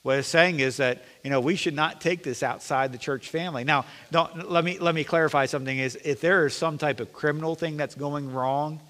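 Male pastor, bright tone, earnest sermon delivery with dry humor, reverberant sanctuary. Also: a little high, steady tone, fairly quick, few pauses. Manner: earnest preaching with self-deprecating jokes. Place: church sanctuary. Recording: long reverb of a church sanctuary.

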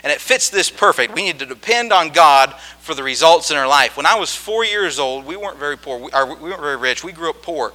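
A man preaching a sermon, telling a childhood story in a folksy, animated way and often checking in with his listeners. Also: a little high, a little fast, few pauses. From rural farm upbringing.

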